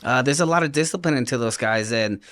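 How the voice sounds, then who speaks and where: A man's voice: mid-range voice, fast, a bit bright. A man who works as a private chef, speaking as a guest in an earnest, casual way with many fillers. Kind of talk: casual chat.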